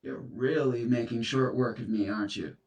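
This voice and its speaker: A man's voice: mid-range voice, fairly even intonation, normal speed, creaky, darkish tone, highs cut off, close to an everyday voice. A man acting as a guilt-ridden serial dumper confronted by an ex's ghost, stammering through flustered apologies in a comedy sketch. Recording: echoey room, distant mic.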